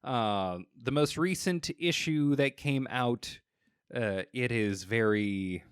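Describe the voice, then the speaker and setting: A man co-hosting a podcast, chatting casually and hesitantly with many pauses to find his words. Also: mid-range voice, clean tone, no echo, studio quality. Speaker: podcast co-host. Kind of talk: casual chat reviewing comics.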